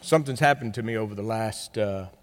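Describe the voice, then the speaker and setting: A man preaching a sermon, telling stories with big swings between loud bursts and quiet, close talk. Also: fairly low pitch, fast talker. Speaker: pastor. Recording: long hall reverb.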